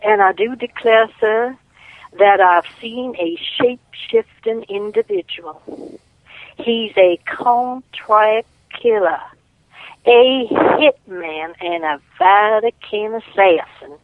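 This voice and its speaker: A woman putting on a slow Southern belle. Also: a little high, no echo, voice pushed up. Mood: theatrical. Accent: put-on American Southern. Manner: slow, drawn-out, mannered delivery. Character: genteel Southern belle woman caller, theatrical. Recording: tinny phone line.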